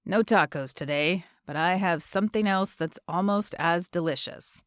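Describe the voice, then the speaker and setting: An easygoing young male surfer with a wry charm, as a woman narrator puts him on. His lines sit a little lower than her reading voice, in a dry, close recording. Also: moderate pace, no room sound, lightly acted.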